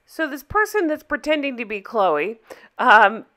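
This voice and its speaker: A woman's voice: fairly high pitch, very animated, measured pace, bright, forceful tone. A woman hosting a reaction video, talking casually with sarcastic disbelief. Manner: sarcastic, incredulous. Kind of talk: casual commentary.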